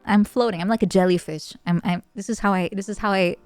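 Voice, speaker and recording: A woman VTuber chatting casually on stream, playful and giggly, with sudden bursts of excitement. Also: medium pitch, quick pace, smooth, dry recording, faint music behind.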